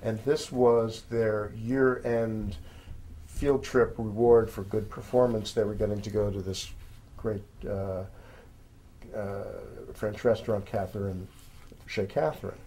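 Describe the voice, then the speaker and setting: A man's voice: lowish voice, steady tone, slow pace, warm tone. A man, a magazine editor, chatting informally about weekend picks, rambling with many fillers and addressing listeners as folks. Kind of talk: casual spoken recommendations.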